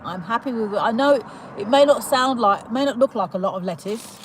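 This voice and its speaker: Welcoming viewers to her casual livestream, a young woman from the UK chats and giggles, using lots of fillers and restarting often. She speaks fairly quickly in a slightly high voice. The low-quality audio carries a little hiss or hum.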